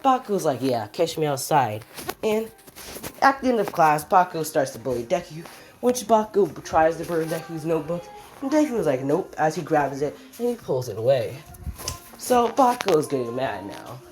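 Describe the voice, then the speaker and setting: A woman's voice: sits low, sing-song, normal speed, a little mellow, faint music behind. A woman casually improvising a fan story, rambling with restarts and swearing.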